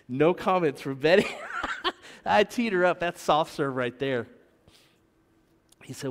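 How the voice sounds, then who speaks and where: Joking pastor in a reverberant church. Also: male voice, fairly high pitch, lively intonation, takes it slowly, long pauses. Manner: joking asides with the congregation. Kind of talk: sermon. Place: church sanctuary.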